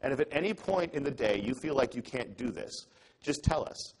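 A man's voice: medium pitch, expressive, moderate pace, husky, rough recording. A young adult man giving an earnest, conversational talk to an audience, telling a story and acting out the dialogue in it. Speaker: public speaker.

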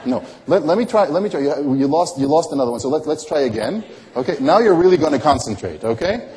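A man's voice: on the high side, lively intonation, quick pace, mellow. A man performing close-up magic for a volunteer, with teasing, playful patter and constant coaxing questions. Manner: coaxing, asks many questions.

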